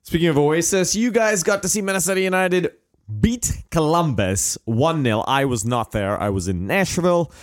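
A man hosting a casual soccer podcast, joking around with quick asides. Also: fairly high pitch. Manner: animated, jokey, quick asides. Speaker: podcast host.

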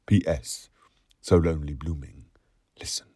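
A man's voice: very deep voice, steady tone, a little slow, mellow, husky, no echo, studio quality. A man reading a novel aloud, lyrical and theatrical, dropping to whispers and rising to bursts. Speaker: audiobook reader.

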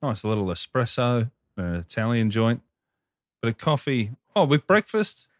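A man co-hosting a casual comedy podcast, chiming in with quick quips and chuckles. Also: medium pitch, sing-song, no room sound, studio quality. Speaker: podcast co-host.

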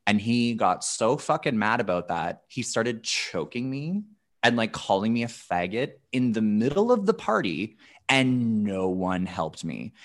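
A man in his thirties, a podcast guest telling candid, profane stories in casual chat, often restarting his phrases. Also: fairly low pitch.

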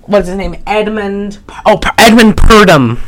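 A man's voice: high voice, a little slow, a bit bright, no room sound. A man co-hosting a casual chat, recapping a film in a rambling, jokey way with lots of fillers. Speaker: podcast co-host.

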